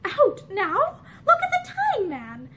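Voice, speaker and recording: A woman's voice: very high voice, wildly swooping pitch, slow pace, a bit bright, heavily acted. A woman reading aloud voices a cheerful, kindly young man in an old-fashioned storybook. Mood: cheery. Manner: cheery, eager.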